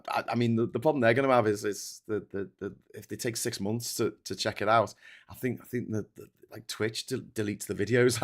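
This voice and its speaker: A man's voice: lowish voice, fairly bright tone. A British man in his fifties hosting a casual live stream, reading viewer comments and ranting with plenty of swearing and restarts. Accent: British English. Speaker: livestream host.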